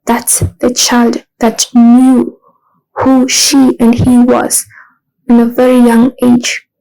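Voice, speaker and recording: A woman's voice: a little high, completely flat delivery, slow pace, vocal fry, mellow, rough recording. A woman delivering an emotional spiritual monologue, speaking with passion, her voice breaking into tears at times and turning mocking when she voices harsh inner self-talk.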